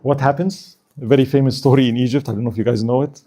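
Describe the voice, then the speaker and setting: A man runs through a casual history lecture at an Islamic center at a fast clip, his medium-pitched voice steady and warm. Frequent "right?" check-ins punctuate his talk, along with jokes and laughter shared with the audience.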